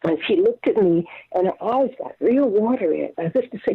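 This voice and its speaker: A woman's voice: mid-range voice, brisk, hardly any pauses, husky, dry recording. An older woman, a singer, telling stories in a casual phone interview and acting out the voices of the people in them. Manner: animated storyteller, acts out quotes. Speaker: guest singer. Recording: dry phone line.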